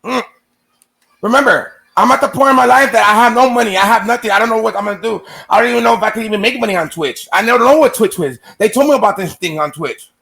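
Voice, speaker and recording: A man's voice: high voice, fast talker, creaky, bright, forceful tone. A man casually telling a long personal story to his viewers, rambling and swearing, acting out what others said to him. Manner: rambling, profane, acts out quoted exchanges.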